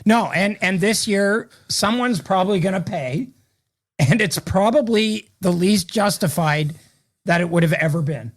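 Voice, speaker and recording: A man's voice: high voice, expressive, unhurried. A man talks hockey in an easygoing podcast conversation. He leans on his opinions with emphatic conviction and repeats the key phrase to drive it home. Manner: emphatic, repeats points for stress. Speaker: hockey analyst. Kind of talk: casual podcast chat.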